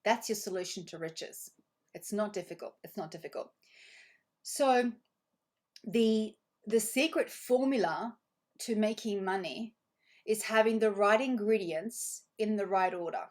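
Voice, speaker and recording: A woman's voice: medium pitch, unhurried, darkish tone. Woman, online coach: effusive, repeats key phrases, reads chat aloud, mid-range voice. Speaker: money coach. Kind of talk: live online group training.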